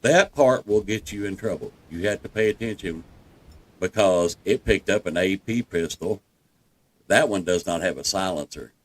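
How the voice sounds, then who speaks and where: Speaking low at a normal speed, with slight background noise behind him, a Southern-accented man narrates gameplay. He's a guide whose folksy, reassuring commentary leads viewers through every step.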